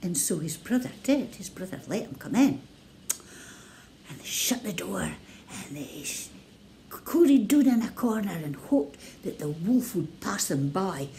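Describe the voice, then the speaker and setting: Woman, Scottish accent, storyteller, slow unhurried pace, very animated pitch, playful. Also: a little hiss or hum. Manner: expressive, drawn-out and playful. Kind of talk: storytelling for children.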